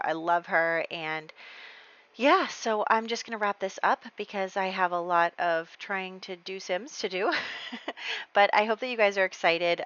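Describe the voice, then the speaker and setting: A woman's voice: fairly low pitch, a bit bright, smooth, no echo, highs cut off. A young woman giving casual, rambling gameplay commentary as the host, with plenty of fillers. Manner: chatty, rambling, with many fillers. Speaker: let's play host.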